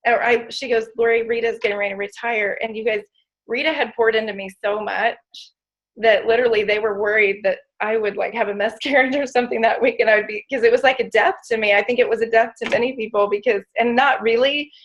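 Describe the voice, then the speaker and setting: A woman's voice: fairly high pitch, steady tone, fast talker, a bit bright, highs cut off. A woman giving an emotional, emphatic inspirational testimony, speaking straight to her audience. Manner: emotional, emphatic, addresses audience as "you guys". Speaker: motivational speaker.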